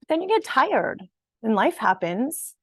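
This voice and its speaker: A woman's voice: high-pitched, big pitch swings, measured pace, fairly bright tone, husky, dry recording. A woman fitness and nutrition coach giving an online workshop talk to viewers. She speaks conversationally and encouragingly, laughing at times and often checking in with "right?" and "okay?". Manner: empathetic and encouraging, with occasional laughs.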